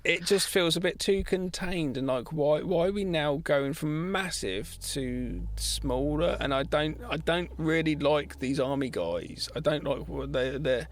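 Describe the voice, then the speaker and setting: A man's voice: on the high side, lively intonation, a little slow, hardly any pauses, dry recording. A man co-hosting a podcast, casually discussing a film with blunt, swearing opinions. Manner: chatty, swears, critical opinions. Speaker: podcast co-host.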